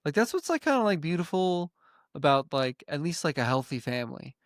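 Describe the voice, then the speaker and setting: A man's voice: fairly high pitch, big pitch swings, a little fast, no room sound, clean studio sound. A man co-hosting a podcast, musing in an earnest way, hedging often and swearing casually. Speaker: podcast co-host. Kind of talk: casual chat.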